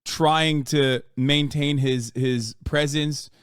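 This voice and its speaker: A man in his thirties streaming casual reaction commentary from home, profane and animated, quick to exclaim. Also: a little high, clean tone, no echo, studio quality. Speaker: streamer reacting to a fight video.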